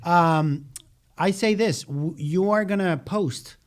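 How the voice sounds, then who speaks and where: A male podcast co-host with a somewhat raised pitch, chatting casually about soccer. He talks in a friendly way. He often hesitates and restarts his sentences partway through. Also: slow. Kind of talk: casual chat.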